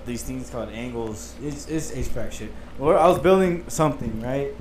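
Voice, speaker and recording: A young man telling a story in casual chat, animated and laughing often as he acts out the people in it. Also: mid-range voice. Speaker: podcast host. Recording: echoey room with faint ambient noise.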